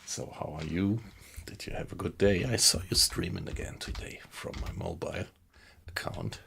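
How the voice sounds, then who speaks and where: Deep gravelly man streaming a game. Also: slight background noise. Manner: relaxed, unhurried, greets viewers chattily. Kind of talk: casual live-stream chat while playing. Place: small home computer room.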